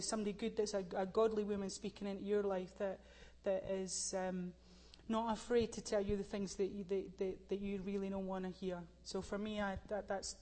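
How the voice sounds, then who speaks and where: A Scottish woman answering on a church panel. She speaks earnestly in a flat, even tone and restarts her sentences often. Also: mid-range voice. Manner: halting, many restarts, earnest.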